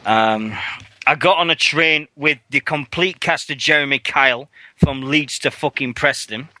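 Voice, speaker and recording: A man's voice: on the high side, measured pace, dry recording. A man co-hosting a radio show, chatting casually and swearing a lot. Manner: rowdy, animated, acts out loud mocking voices in quotes.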